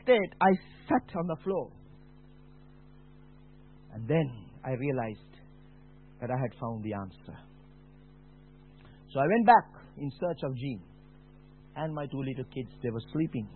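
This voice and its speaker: A man gives a slow, dramatic testimony sermon in a husky voice. His pitch ranges widely, and he swings from hushed words to shouted ones. The recording is thin and phone-like. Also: big pitch swings. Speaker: preacher giving testimony. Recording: tinny phone-like sound.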